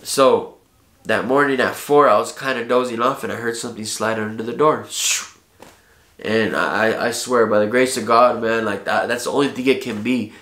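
A man's voice: mid-range voice, fairly even intonation, normal speed, a bit bright. A man telling a personal story in casual, heartfelt street slang, with frequent profanity. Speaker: vlogger. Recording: echoey room.

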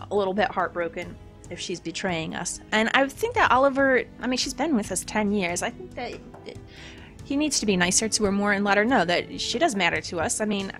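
Woman doing lets play chatter, excitable, mid pitch voice. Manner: chatty and animated, talks to herself about choices. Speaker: game streamer. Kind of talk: let's play commentary.

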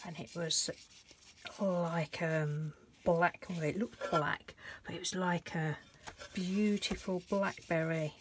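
A woman's voice: lowish voice, steady tone, takes it slowly, slight background noise. A woman hosting a casual painting tutorial, chatting and thinking aloud as she works and gushing over the colours. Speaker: craft channel host.

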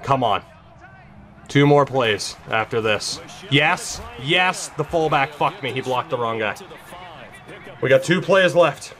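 A young man commentating his own football video game, emotional and swearing, going from tense muttering to high yelling. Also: expressive, slow. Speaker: gaming YouTuber. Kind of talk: gameplay commentary.

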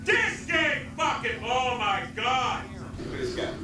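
A man shrieking high and wild as he curses at a shooter game, his voice leaping all over the place. It comes from far off in an echoey room, buried in loud noise. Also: big pitch swings, a little slow. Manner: furious, cursing, shouting at the game. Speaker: gamer in a rage clip. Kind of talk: screaming game commentary. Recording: echoey, distant, loud noisy capture.

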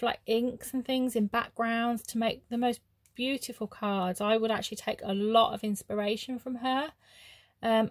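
A woman chatting casually as she opens craft mail, gushing with soft oohs and ums. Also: fairly high pitch, no room sound. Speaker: craft vlogger. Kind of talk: casual unboxing chat.

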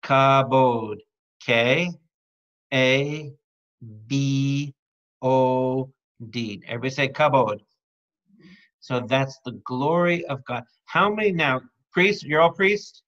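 A man, a priest, teaching a lively Bible study, calling out questions to his listeners and joking between readings. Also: mid-range voice, slow. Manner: calls out to the audience with repeated questions; playful, jokes and breaks into song. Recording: dull lo-fi recording.

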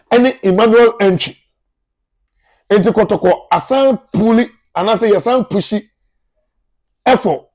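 A man with a Ghanaian accent hosting his own sports news channel. He gives football transfer updates in a chatty, animated way and talks to his viewers as if they were family. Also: high-pitched, husky. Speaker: sports journalist, YouTube channel host.

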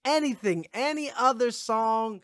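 A man's voice: very high-pitched, unhurried, a bit bright, no room sound. A man giving casual, rambling commentary while reacting to music, swearing often and yawning now and then. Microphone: gaming headphones setup.

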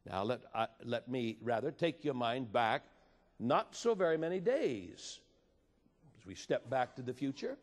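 A man preaching a sermon with passion, moving between loud appeals and hushed storytelling. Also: medium pitch, lively intonation, unhurried. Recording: reverberant hall.

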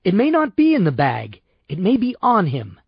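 A man reading an audiobook and voicing a sharp, scheming young woman, talking quickly and tartly, on a dull lo-fi recording. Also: medium pitch, wildly swooping pitch, breathy edge, dry recording, voice pushed up, exaggerated voice.

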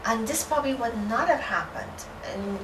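A woman's voice: a little high, moderate pace. A woman host chatting and praising her guest in conversation. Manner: warmly praising, talkative. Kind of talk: casual chat. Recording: roomy and distant with background noise.

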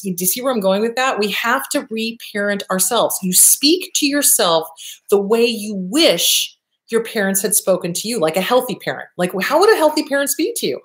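A woman therapist hosting a show, answering viewer questions in a blunt, animated way, with casual swearing. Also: medium pitch.

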